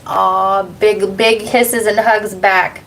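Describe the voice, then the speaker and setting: An American woman, a tarot reader, hosts a casual card-reading livestream in a medium-pitched, level, slightly bright voice, taking her time. She rambles, laughs often and occasionally swears while answering chat; the rough recording carries slight background noise.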